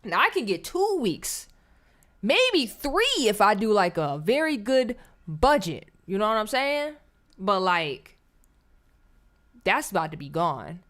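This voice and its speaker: A woman talks over clips on her live stream in a blunt, scornful, preachy way. Her voice sits in a middle pitch for a woman, and she speaks like she's chatting with her viewers. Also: sing-song, takes it slowly, a bit bright. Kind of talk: casual live-stream commentary.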